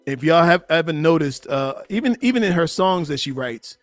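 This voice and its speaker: A man with a slightly high voice talks as a relationship coach, reacting to a clip. He is animated and emphatic and speaks right to his listeners. His voice is dry and close, with faint music behind him. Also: moderate pace, no echo. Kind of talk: reaction commentary on a played clip.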